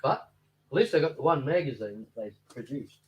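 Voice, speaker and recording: A man's voice: medium pitch, expressive, brisk, muffled recording, a little hiss or hum. A man, hosting a fishkeeping channel, chatting casually and rambling with jokey asides. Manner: rambling, jokey, acts out silly voices. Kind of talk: casual chat, leafing through old books.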